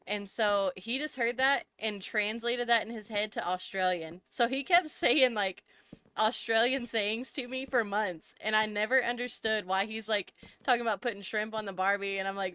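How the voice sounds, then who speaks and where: A woman's voice: on the high side, normal speed, sharp tone, smooth, no room sound. A woman, live-streaming a game and chatting casually with her viewers, laughing often as she goes. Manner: chatty and giggly, answering chat. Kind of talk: casual chat with viewers while gaming.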